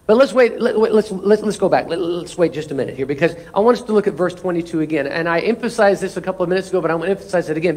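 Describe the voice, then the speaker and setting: High-voiced man preaching a sermon. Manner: emphatic preaching with call-and-response. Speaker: pastor.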